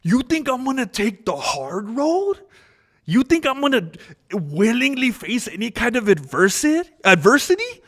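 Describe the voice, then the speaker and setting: A man mimicking a boastful male fighter with a childish, drawn-out schoolyard whine. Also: very high-pitched, very animated, a bit bright, pitched above the performer's own voice, full character voice. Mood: mocking.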